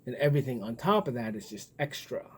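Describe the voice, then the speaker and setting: A man's voice: mid-range voice, big pitch swings, fast talker, breathy edge. A man talking in a casual, rambling monologue, blunt and profane as he muses aloud. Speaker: vlogger.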